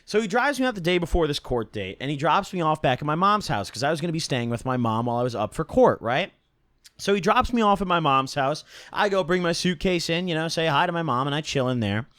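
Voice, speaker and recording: A man's voice: fairly high pitch, very animated, fast, a bit bright, dry recording, studio quality. A young man casually telling a rambling, profane story from his own life and tagging his sentences with "right?". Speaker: storytime vlogger.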